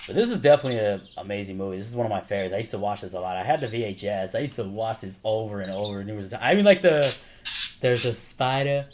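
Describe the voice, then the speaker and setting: A man casually chatting to camera about his movie collection, excitedly rambling through favorite scenes. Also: on the low side, very fast, few pauses. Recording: noisy home recording with birds chirping behind.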